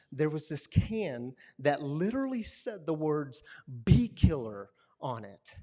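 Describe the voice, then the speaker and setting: A man pastoring a recovery community, telling a story in a sermon and acting out the quotes and sounds. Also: a little high. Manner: animated storyteller, acts out quotes and buzzing sounds. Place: gathering hall with a live audience.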